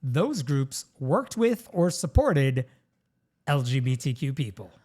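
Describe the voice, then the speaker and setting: A man's voice: mid-range voice, big pitch swings, takes it slowly, darkish tone, slightly rough. A man hosting a podcast, telling a news story in casual, conversational chat. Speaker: podcast host.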